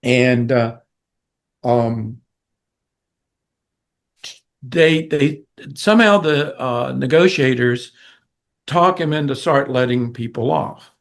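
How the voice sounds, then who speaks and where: An older man, a musician being interviewed, telling a story in an animated way and acting out the people in it. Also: mid-range voice, slow pace, vocal fry, pauses often. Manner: animated, vivid storyteller who acts out quoted people. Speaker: guest musician.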